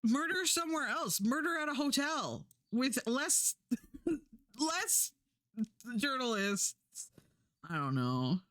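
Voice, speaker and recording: A woman's voice: high-pitched, sing-song, takes it slowly, pauses often, a bit bright, dry recording, studio quality. A woman streamer chatting casually, rambling and swearing, acting out the lines she quotes. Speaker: Twitch streamer.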